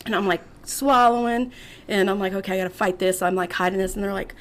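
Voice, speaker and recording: A woman's voice: mid-range voice, fast. Laughing woman telling a story. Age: 50s. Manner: animated storyteller, acts out others' lines, laughs often. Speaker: podcast guest. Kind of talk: casual storytelling.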